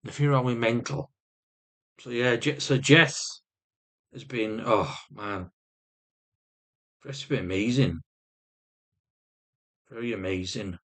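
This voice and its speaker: A man's voice: medium pitch, slow pace, pauses often, a bit bright. A man vlogging with rambling personal storytelling, swearing constantly and restarting often.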